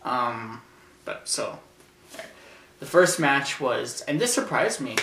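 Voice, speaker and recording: Sounding distant from the mic in a roomy space with faint noise, a man reviews a wrestling event for his show in a slow, very animated, medium-pitched voice. His casual talk is hesitant and rambling, full of fillers and restarts, and he erupts into loud shouted impressions as he describes the action.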